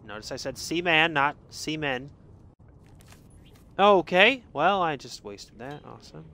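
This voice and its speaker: A jumpy, joking man talks his way through a video game in a bright, high-leaning voice. His pitch leaps around as he mutters under his breath and then yelps in surprise. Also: a little slow. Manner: excitable, jokey, swings from muttering to yelps. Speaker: gaming streamer. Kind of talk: let's play commentary.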